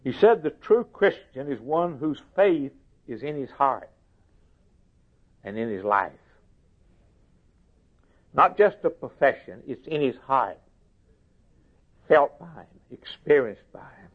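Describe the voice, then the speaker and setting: A man preaching a sermon slowly and emphatically, lifting his voice for quoted scripture. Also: mid-range voice, lively intonation. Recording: tinny phone-like recording.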